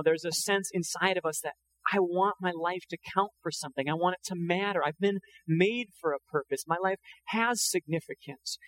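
A man's voice: on the high side, fairly bright tone, slight background noise, poor audio. A man preaching a sermon in an earnest, conversational way, often quoting scripture. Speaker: pastor.

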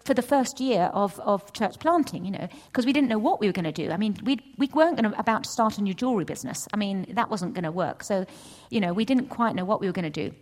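A middle-aged woman giving a testimony at a church session, storytelling with lively acted-out dialogue. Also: quick pace, few pauses. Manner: animated storytelling, acts out voices with big pitch jumps. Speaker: church speaker. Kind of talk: testimony sermon.

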